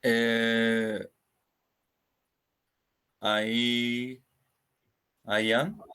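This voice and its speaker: Slow hesitant man reading aloud. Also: mid-range voice, flat delivery, pushed and bright, clean tone. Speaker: student.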